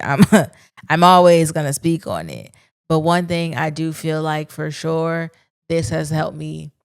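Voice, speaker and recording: A woman with a low, smooth, clear voice hosts her own podcast. She talks candidly and casually, with slang. The sound is dry and close to the mic. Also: dry recording. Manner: candid, conversational, speaks her mind with slang. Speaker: podcast host. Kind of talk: solo reflective podcast monologue.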